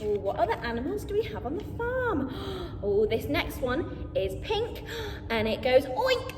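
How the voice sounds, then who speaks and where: A woman hosting a children's storytime, reading a picture book aloud in an exaggerated, sing-song way with lots of excited gasps. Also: high-pitched, unhurried, long reverb tail, slight background noise.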